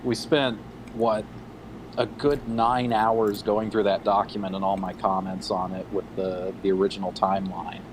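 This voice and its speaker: A man's voice: lowish voice, little pitch movement, moderate pace. Young man on a noisy phone mic. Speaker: livestream co-host, lore writer. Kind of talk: casual livestream chat.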